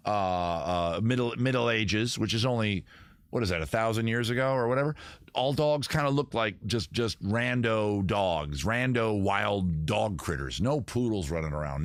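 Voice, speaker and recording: A man hosting a casual live stream, rambling and joking at a close tabletop boom mic. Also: dry recording. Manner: rambling, jokey, self-interrupting. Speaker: host.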